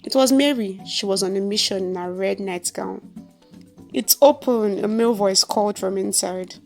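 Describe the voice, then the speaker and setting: A woman's voice: mid-range voice, steady tone, a little fast, gravelly, darkish tone, faint music behind. Nigerian woman narrating a story.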